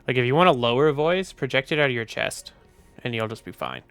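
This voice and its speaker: A man's voice: mid-range voice, expressive, brisk, a bit bright, clear, resonant tone, dry recording, soft background music. A tired, sleepy man chatting casually on a live stream, rambling and offhand with the odd swear. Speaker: VTuber streamer.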